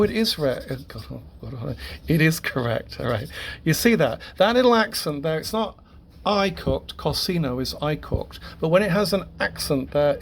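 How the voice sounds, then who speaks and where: A man teaching a grammar lesson to a class, halting, repeating words and correcting himself as he goes. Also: on the high side, creaky, slight background noise.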